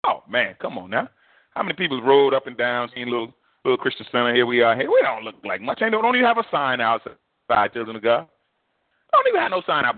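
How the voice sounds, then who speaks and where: Male pastor, sermon, vernacular, repetitive, lively pitch, dry phone-line sound. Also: dry recording. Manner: animated, repetitive, vernacular preaching. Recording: tinny phone-like dry recording.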